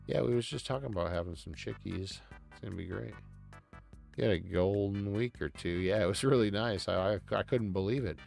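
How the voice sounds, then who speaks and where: A man's voice: fairly low pitch, brisk, vocal fry, a little mellow, soft background music. A man streaming live, chatting casually in a loose, rambling way with plenty of swearing. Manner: laid-back, swears a lot.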